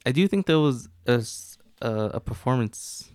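A man's voice: medium pitch, expressive, normal speed, darkish tone, no echo, clean studio sound. A man chatting casually, laid-back and a little hesitant, calling his friend dude and man. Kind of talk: casual chat.

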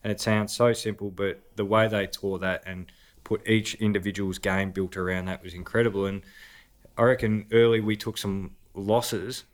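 A man with an Australian accent, a podcast guest telling lively anecdotes in casual conversation, laughing often. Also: fairly low pitch, normal speed. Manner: animated anecdotes punctuated by laughter. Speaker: podcast guest, former footballer.

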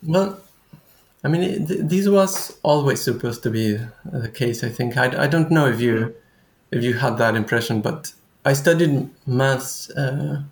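In a casual conversation, a young guest researcher speaks in a halting, thoughtful way, frequently starting his sentences over. He has a mid-range voice, heard in an echoey room.

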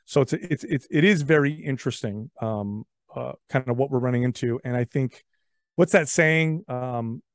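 This podcast guest has a mid-range voice and talks at normal speed, with no echo on the recording. Chatting casually, he tells lively stories and frequently repeats words.

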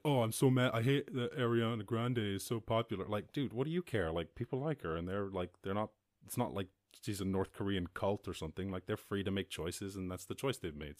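A man's voice: lowish voice, no echo, studio quality. A man hosting a podcast, talking casually and rambling through listener questions with swearing and sudden bursts of outrage. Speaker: podcast host. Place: lives in rural Ireland.

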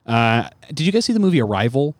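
A man's voice: mid-range voice, sing-song, quick pace, no echo. A man who is a comedian guest on a podcast, talking casually with lots of fillers and restarts. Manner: rambling, many fillers.

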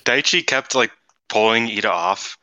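Man, podcast co-host, very bright tense voice, rambling casual chat, dry close mic. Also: lowish voice, lively intonation, slow, dry recording, rough recording. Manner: rambling, many fillers, laughing.

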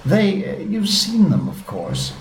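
A melancholy male mock turtle, played by a man, pushed up high with drawn-out, mournful phrases and a quick touchiness. The pitch swoops widely, and the roomy recording carries a faint hiss. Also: wildly swooping pitch, full character voice. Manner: slow, mournful, easily offended.

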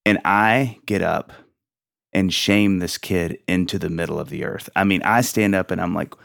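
A man in his thirties hosting a casual faith and parenting podcast, telling stories with lively acted-out quotes and frequent laughs. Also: sits low, moderate pace, creaky, no room sound, studio quality. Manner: animated storyteller, acts out quotes, laughs often. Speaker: podcast host.

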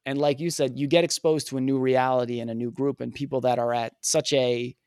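A man guesting on a podcast, telling a personal story in an earnest, animated way and acting out the dialogue. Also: mid-range voice, brisk, smooth, no room sound, studio quality. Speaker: podcast guest, communication coach.

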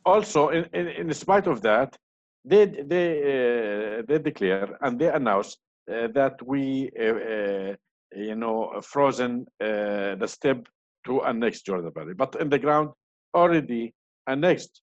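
A man's voice: medium pitch, animated, slow, no echo. A man answering questions as an interview guest, hesitant, with many fillers and restarts. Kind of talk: online panel interview. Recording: dull lo-fi sound.

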